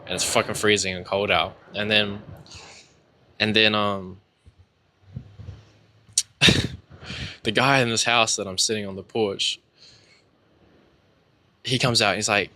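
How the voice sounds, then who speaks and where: A man's voice: on the low side, fairly even intonation, slow, pauses often, sharp tone, no echo. A young man telling his own story in a casual, rambling way, candid, with lots of fillers and swearing.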